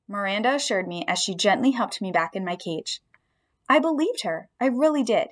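A woman narrating a children's story aloud in the first person, with expressive storytelling. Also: medium pitch, moderate pace. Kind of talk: audiobook storytelling.

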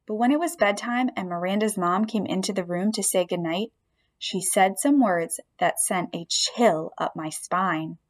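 A woman narrating a children's story aloud in the first person, with expressive storytelling. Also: mid-range voice, a little slow. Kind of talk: audiobook storytelling.

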